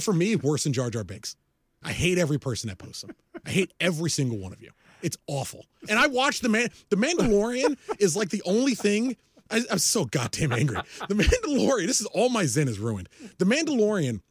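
A man in his forties rants with profane exasperation on a podcast, his voice sitting high and swinging widely in pitch. The sound is close and dry, with no room around it. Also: huge pitch swings, fast, slightly rough, dry recording. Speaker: podcast co-host. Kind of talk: casual ranting chat.

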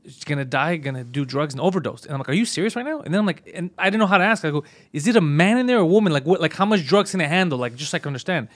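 A man's voice: rapid-fire, hardly any pauses. A man co-hosting a podcast, telling a story in casual chat, swearing and acting out the people he quotes. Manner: excitable, profane, acts out quotes with rising pitch. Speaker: podcast co-host.

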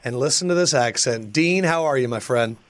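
A man hosting a sports podcast, teasing his co-host in quick, casual banter. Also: medium pitch.

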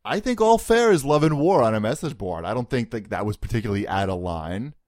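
A young man co-hosting a casual podcast chat, relaxed and joking, laughing often. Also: medium pitch, a little fast, no echo, clean studio sound. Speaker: podcast co-host.

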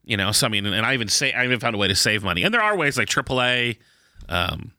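A man's voice: mid-range voice, animated, fast, sharp tone, no room sound, studio quality. A man co-hosting a podcast, telling a story in casual chat with lots of fillers. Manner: rambling, filler-heavy storytelling. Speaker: podcast co-host.

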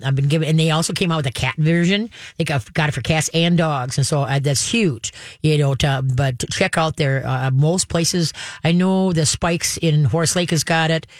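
A woman with a low voice hosts a radio call-in show about pets, sounding chatty and direct as she acts out the commands she recommends. The recording is dry and studio quality.

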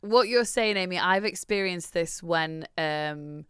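A woman in her thirties talks through her parenting choices on a podcast, often second-guessing herself aloud. Her voice is smooth and clear, at an ordinary middle pitch. The recording is dry and close. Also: a little slow, no room sound. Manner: thoughtful and self-questioning, warm agreeing. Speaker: podcast co-host. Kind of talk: casual chat.

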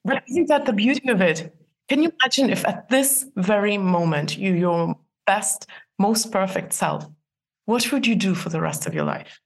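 A woman's voice: mid-range voice, lively intonation, normal speed, creaky. A woman in her forties, a guest in an interview, giving earnest advice with frequent laughs and restarts. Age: 40s. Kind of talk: interview conversation.

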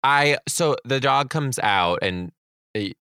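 A man's voice: mid-range voice, expressive, slow pace, pushed and bright, clear, resonant tone, no room sound, clean studio sound. A man from Detroit in casual chat, blunt and sarcastic with plenty of profanity.

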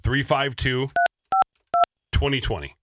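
A man's voice: medium pitch, lively intonation, slow, very noisy. A man co-hosting a podcast in casual chat, making wry joking asides. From Minnesota. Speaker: podcast co-host.

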